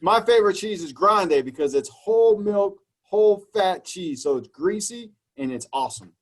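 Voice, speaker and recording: A male trainee giving an eager, chatty practice pitch. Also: expressive, moderate pace.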